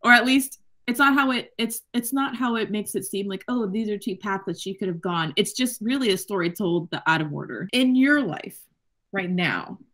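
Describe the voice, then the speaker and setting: A woman co-hosting a book club podcast in casual chat, animated and profane, acting out quotes and laughing often. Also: medium pitch, normal speed. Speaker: podcast co-host.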